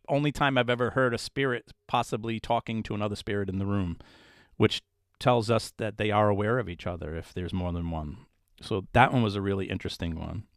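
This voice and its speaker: A man with a low voice, interviewed as a paranormal investigator. He tells his stories casually and with animation, putting on the voices of the people he quotes. The recording is dry and close. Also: no room sound.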